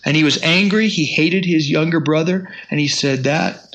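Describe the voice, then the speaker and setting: A man's voice: fairly high pitch, normal speed, a bit bright. A man teaching the Bible in a sermon, reading scripture aloud with rising emphasis.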